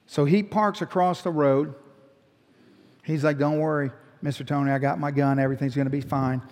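A man's voice: on the high side, moderate pace. A middle-aged man, a pastor telling a story in a sermon and acting out the people in it. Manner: animated storyteller, voicing the people in his story. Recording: long hall reverb.

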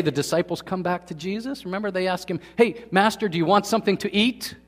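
A man preaching a sermon to his congregation, asking them questions and swinging from quiet to emphatic. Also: on the high side, long reverb tail. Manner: asks the congregation questions, swings between soft and loud. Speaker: pastor. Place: church hall.

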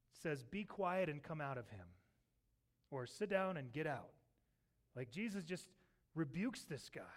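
A man preaching a Sunday sermon as pastor, telling the scripture story with lively, animated delivery and acting out its voices. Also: high-pitched. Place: church sanctuary.

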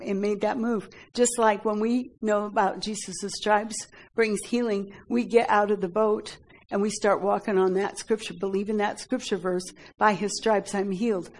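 A woman teaching a Bible study, reading verses aloud and explaining them in an earnest, halting way with many fillers and "Amen?" prompts. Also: medium pitch, low-quality recording.

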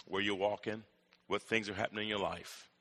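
A male preacher delivering a sermon with dramatic emphasis in a bright, forceful voice. His words carry a long echo in a large church hall. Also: on the low side, fairly even intonation, brisk. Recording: echoey hall.

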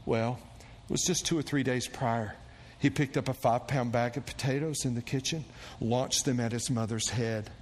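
Pastor, male, animated sermon storyteller who acts out the voices of the people in his story, in a church with a long reverb tail. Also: moderate pace. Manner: animated storyteller, acting out quoted voices with big pitch jumps. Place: church sanctuary. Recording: long church reverb with faint room noise.

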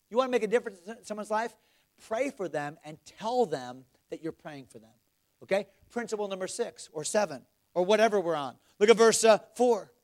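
A middle-aged male pastor preaching a sermon, swinging from loud exhortation to hushed, earnest questions. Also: sits high.

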